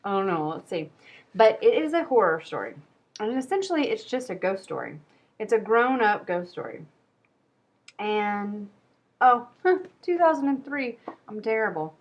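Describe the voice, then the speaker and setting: A woman's voice: mid-range voice, expressive, moderate pace, muffled recording. A woman hosting a casual book review video, chatty and rambling, poking fun at herself. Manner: chatty, rambling, self-deprecating. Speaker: book vlogger.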